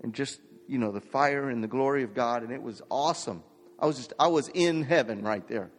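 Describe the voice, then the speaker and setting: A man's voice: medium pitch, fairly quick. A man preaching a sermon and telling a personal story, building to fervent preaching. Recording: long hall reverb.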